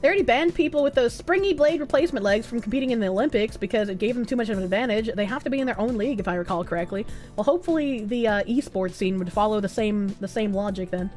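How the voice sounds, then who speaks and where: A woman's voice: on the high side, expressive, fast, a little mellow, soft background music. A woman streamer chatting casually and reading viewer comments, rambling and joking, often laughing and swearing.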